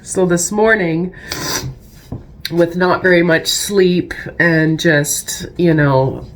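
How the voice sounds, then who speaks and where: Low-voiced stuffy woman vlogging. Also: fairly even intonation, slow pace, slight background noise. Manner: chatty, rambling storytelling. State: stuffy from a cold. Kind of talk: casual vlog chat.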